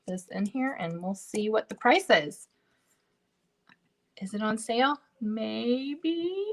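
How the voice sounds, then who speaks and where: A woman hosts a crafting livestream from her home, chatting in a bubbly, easygoing way and addressing her viewers directly. Her voice sits at an ordinary middle pitch. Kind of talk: casual livestream crafting chat. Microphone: livestream camera setup.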